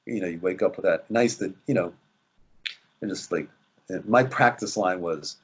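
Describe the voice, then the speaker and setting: Husky guy rambling through an interview, lowish voice, muffled lo-fi sound. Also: moderate pace. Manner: rambling, many fillers and restarts. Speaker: actor guest. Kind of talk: casual interview chat.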